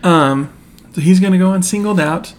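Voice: mid-range voice, moderate pace. A podcast co-host in casual chat recapping a TV episode, chatty and opinionated, picking out small details like the characters' outfits.

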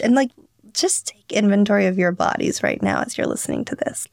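A woman's voice: mid-range voice, wildly swooping pitch, a little fast, gravelly, a little mellow, dry recording, studio quality. A young woman, a podcast guest and founder, telling stories earnestly and acting out what people said. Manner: earnest, storytelling, acts out quotes. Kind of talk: candid interview talk.

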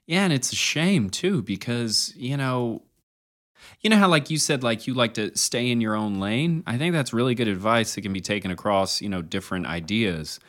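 A man's voice: medium pitch, expressive, normal speed, fairly bright tone. A man co-hosting a casual podcast, agreeable and easygoing, filling his talk with "like" and "you know". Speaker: podcast co-host.

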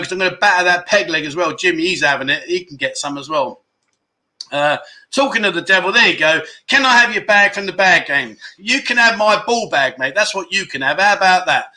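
A man's voice: high voice, bright, forceful tone. A man hosting a livestream, chatting casually and teasing viewers as he reads their comments. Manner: cheeky, teasing banter. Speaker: livestream host.

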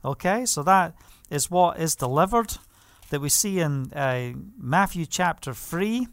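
Male preacher, high clear voice, dry close sound, emphatic delivery with hallelujahs. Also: lively intonation, unhurried, a bit bright, no echo. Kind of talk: sermon.

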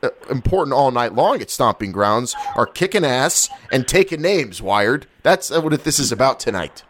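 A man hosting a wrestling talk show in energetic, hypey casual chat. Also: medium pitch, normal speed, slight background noise. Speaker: podcast host.

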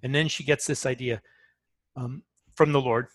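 A man's voice: medium pitch, fairly even intonation, moderate pace, no room sound. A man speaking as an author in an interview, talking earnestly and often restarting his phrases as he tells a story.

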